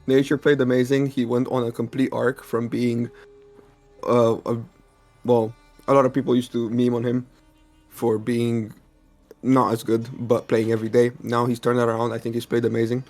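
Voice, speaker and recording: A man casting a gaming tournament stream, bantering with playful, deadpan mock rants. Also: mid-range voice, normal speed, soft background music. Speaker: caster.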